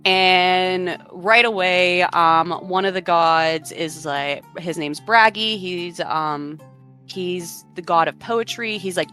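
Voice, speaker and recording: A woman chats through a myth with a lowish, bright, forceful voice. She tells it casually, filling it with fillers, while soft music sits in the background. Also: slow, smooth. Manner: chatty, retells myths with frequent fillers. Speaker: podcast co-host. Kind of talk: casual storytelling chat.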